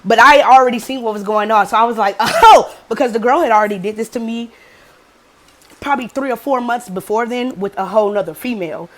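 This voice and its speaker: A woman's voice: fairly high pitch, quick pace. A young adult woman vlogger casually telling a story, cursing freely and acting out quotes. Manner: profane, animated storytelling with acted quotes.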